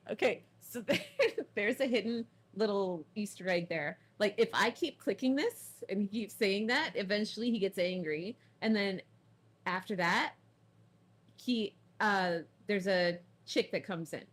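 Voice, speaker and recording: Chatty woman playing a game live, playful, hums and giggles, mid-pitched voice. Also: unhurried, slightly rough. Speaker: let's play streamer. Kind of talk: casual gameplay commentary.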